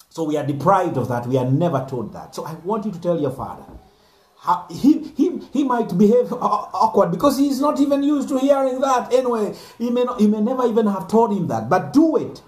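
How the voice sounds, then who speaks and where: Male pastor, earnest exhorting sermon, slightly high voice, roomy echo. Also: a little mellow. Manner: earnest, exhorting, repeats phrases for emphasis. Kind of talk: sermon message to viewers. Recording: echoey room.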